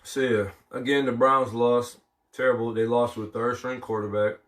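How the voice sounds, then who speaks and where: A man with a cold co-hosting a casual sports talk show, measured and hedging. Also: mid-range voice, flat delivery, fairly bright tone. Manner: measured, hedging with fillers and "I mean". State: has a cold, sucking a throat lozenge. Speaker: co-host.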